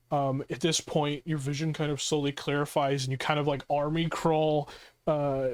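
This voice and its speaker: A man's voice: fairly high pitch, flat delivery, a little slow, smooth. A man running a tabletop horror game as game master, narrating vividly with many fillers.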